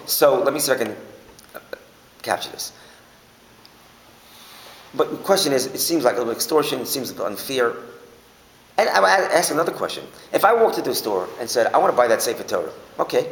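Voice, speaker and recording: Guy teaching torah in an echoey hall, lively voice, bit gravelly, faint hiss. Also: mid-range voice. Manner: animated, asks rhetorical questions and restates points. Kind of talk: Torah class lecture.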